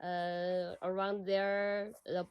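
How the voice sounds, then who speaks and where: Slow, hesitant woman, native Chinese speaker. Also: medium pitch, flat delivery, clear, resonant tone, highs cut off. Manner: hesitant, short answers, laughs often. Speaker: guest. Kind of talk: casual chat.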